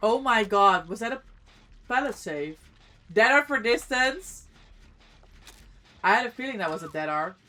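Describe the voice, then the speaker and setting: A woman's voice: mid-range voice, lively intonation, measured pace, long pauses, pushed and bright. A woman streamer chatting casually with viewers while gaming, reacting to the play and greeting chat, eating as she talks.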